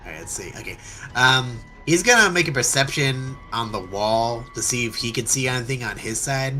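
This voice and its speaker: A young man runs a tabletop game with a bright, forceful voice at a middle pitch. He talks haltingly, full of fillers, and counts out movement aloud. Faint music sits in the background. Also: animated. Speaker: game master. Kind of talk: running a tabletop game online.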